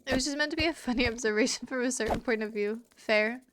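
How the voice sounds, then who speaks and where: A woman's voice: fairly high pitch, fast talker, noisy background. A woman streaming a game live, chatting casually with her viewers, teasing and swearing freely. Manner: swearing, teasing and chatty, talking to chat and a pet. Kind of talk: casual live-stream chat while gaming.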